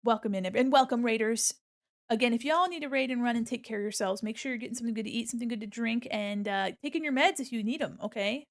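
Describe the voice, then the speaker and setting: A woman's voice: on the high side, fast talker. A young woman streaming as an illustrator, chatting casually with bubbly, giggly greetings to her viewers. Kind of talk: casual livestream chat.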